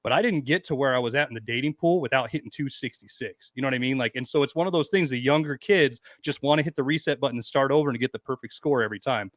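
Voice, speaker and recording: A middle-aged man tells crude, animated stories on a podcast and acts out each person's lines as he goes. His voice is pitched at a middle height and recorded dry and close, with no room sound. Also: fast talker, hardly any pauses, no room sound. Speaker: podcast guest. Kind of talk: casual storytelling chat.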